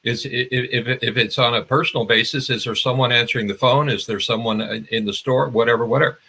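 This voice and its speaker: A man's voice: medium pitch, steady tone, quick pace, gravelly, pushed and bright, a little hiss or hum. An older man, a marketing expert guest, explaining in a conversational interview with restarts and examples.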